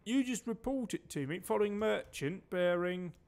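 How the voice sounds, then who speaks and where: A man's voice: high voice, expressive, moderate pace, vocal fry, a little mellow. A man from Denmark giving chatty, sweary commentary while streaming a game and barking orders at his crew. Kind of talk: casual gameplay commentary.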